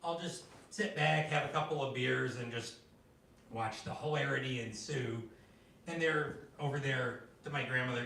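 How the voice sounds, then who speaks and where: A man doing stand-up at an open mic, telling stories in an animated way and jumping into high voices for the people he quotes. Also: moderate pace, gravelly, a little hiss or hum. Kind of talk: stand-up storytelling. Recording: echoey room, from a distance.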